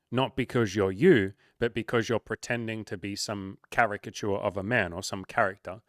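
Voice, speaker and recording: A man's voice: lowish voice, a bit bright, no echo, clean studio sound. A young man and dating coach speaking candidly in a casual monologue, often acting out quoted voices.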